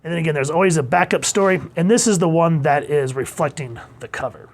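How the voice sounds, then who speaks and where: A man with a slightly higher-than-usual voice chats through a comic book review. He is enthusiastic and loose, sometimes slipping into playful voices as he reads lines aloud. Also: fast. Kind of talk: casual review monologue.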